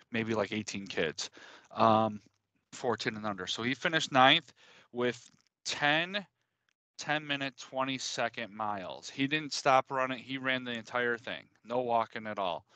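A man co-hosting a podcast, telling a story in a casual, animated way and swearing freely. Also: mid-range voice, dry recording. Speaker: podcast co-host.

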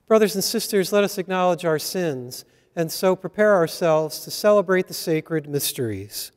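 A man with a fairly high, smooth voice leads Mass and reads scripture in a church. He speaks slowly and deliberately, each phrase measured. A long reverb trails behind his words. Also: animated. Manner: slow, measured liturgical delivery. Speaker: priest. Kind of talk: leading Mass and reading scripture.

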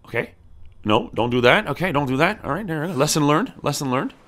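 A man giving casual gameplay commentary. His pitch swings widely, jumping up high when the game excites him and dropping low when he mutters to himself. He talks to his character like a buddy. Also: fairly quick. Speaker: gameplay streamer. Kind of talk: casual let's-play commentary.

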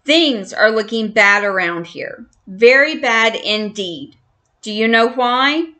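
Storybook figure: a woman playing a shrieking old grandfather mouse, bossy and loud, bright voice. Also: on the high side, lively intonation, slow pace, heavily acted. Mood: bossy shouting. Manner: shouting, bellowing orders.

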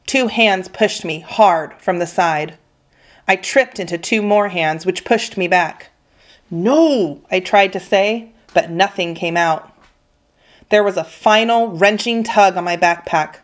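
A woman teacher reading a children's novel aloud with steady, expressive storytelling. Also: fairly low pitch, unhurried. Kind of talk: children's book read-aloud.

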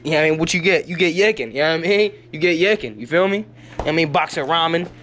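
A man's voice: a little high, racing, a bit bright. A young man giving a rambling, hyper home tour on a handheld camera, talking in slangy, profane bursts indoors at home.

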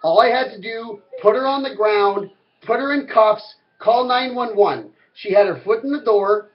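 A man's voice: sits high, normal speed, highs cut off, a little hiss or hum. A man ranting to camera as a vlogger, rambling, heated and full of swearing. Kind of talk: angry rant to camera.

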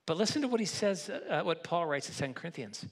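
A pastor delivers a sermon to his congregation in a church, his voice placed somewhat high for a man. He talks in a relaxed, conversational way, often doubling back on a word before finishing the thought. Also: fast, husky. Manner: conversational, repeats words while restarting, teasing the congregation. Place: church sanctuary.

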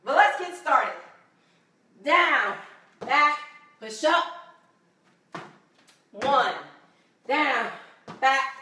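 A woman fitness instructor coaches a home workout with a bright, high voice, counting reps and cheering viewers on. She breathes hard at times, and her voice rings in an echoey room, picked up from well away from the mic. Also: lively intonation, very slow, long pauses, far from the mic, a little hiss or hum. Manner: encouraging, counting reps aloud.

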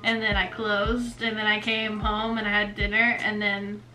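A woman's voice: mid-range voice, flat delivery, normal speed, pushed and bright, soft background music, poor audio. A young woman in her twenties chatting casually on a vlog, laughing often through her words. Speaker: vlogger. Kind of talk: casual chat. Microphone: headphones on, camera mic.

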